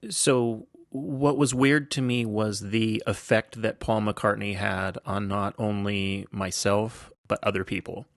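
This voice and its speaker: Gravelly older American man storytelling. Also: on the low side, a bit bright, no room sound, clean studio sound. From United States. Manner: enthusiastic, chatty, lots of fillers. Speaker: podcast host. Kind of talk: casual storytelling.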